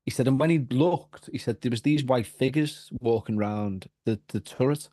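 A man with a Liverpool accent, a podcast guest telling a story in casual chat, animated and full of restarts and repeats. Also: medium pitch, normal speed, no echo, clean studio sound.

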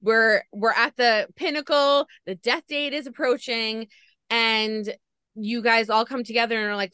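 A woman's voice: a little high, measured pace, sharp tone, clean tone, no echo. A woman podcast host gushing as she retells a story in a casual interview chat.

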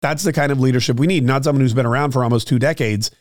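A man's voice: medium pitch, very fast, dry recording, clean studio sound. Opinionated man hosting a solo political show. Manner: opinionated, talks straight to listeners with frequent fillers and restarts. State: clearing his throat, slightly choked up. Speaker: political podcast host.

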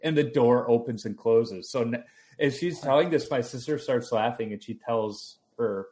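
A young adult man recounting a family story in relaxed conversation. He talks with an animated, anecdotal energy. His voice sits in an ordinary middle pitch. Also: moderate pace.

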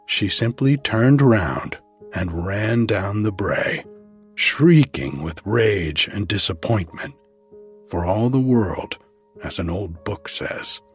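A man reading a fairy tale aloud at bedtime, calm and measured. His voice is fairly low and husky, and he takes his time over every phrase, with faint music underneath. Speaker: storyteller.

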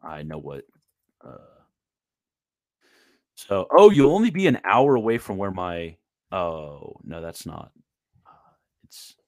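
A man's voice: low voice, big pitch swings, slow pace, long pauses, a little mellow, no echo, clean studio sound. A man from Maryland with a Maryland accent, hosting a casual livestream chat in a rambling, laid-back way full of fillers. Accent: Maryland American. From Maryland, USA. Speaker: show host.

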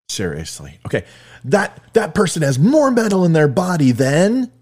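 A man's voice: fairly high pitch, a little mellow, breathy edge. A man hosting a casual monologue for viewers, rambling and joking at his own expense. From California. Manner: rambling, joking, self-mocking. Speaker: host.

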